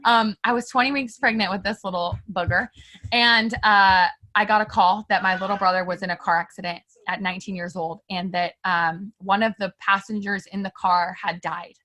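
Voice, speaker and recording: A woman guest on an interview, telling a personal story in a candid, animated way and talking straight to her listeners. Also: mid-range voice. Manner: animated and emphatic, filler-heavy; candid, addresses listeners directly.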